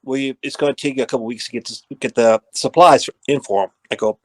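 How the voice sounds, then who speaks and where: A middle-aged man, a former assistant equipment manager, telling lively anecdotes and acting out the dialogue. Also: mid-range voice, quick pace, no echo. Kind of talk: storytelling in a podcast interview.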